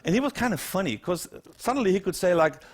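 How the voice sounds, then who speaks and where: Swedish guy telling a story on stage, voice a bit high, does little acted quotes. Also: sing-song, quick pace. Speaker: keynote speaker. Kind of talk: storytelling talk to an audience.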